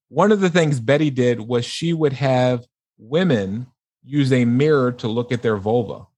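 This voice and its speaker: A man speaks in a measured, explanatory voice of middling pitch, now and then restarting his sentences. He talks as a sex therapist in a casual podcast conversation, and the recording is dry and close. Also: no room sound.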